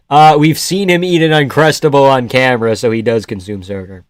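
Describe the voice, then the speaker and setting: A male streamer chatting loosely through fight night, reading chat messages and joking with a quick laugh. His voice sits in an ordinary middle pitch. The close mic sounds dry and unroomy. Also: no echo. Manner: joking, laughs often, swears. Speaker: live streamer.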